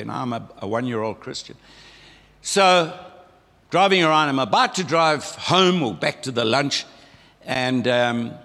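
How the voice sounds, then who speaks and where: With a frog in his throat, an older South African church member delivers a folksy, conversational testimony sermon, acting out remembered voices. He speaks mid-range at a moderate pace, expressive and fairly bright. The recording carries long hall reverb.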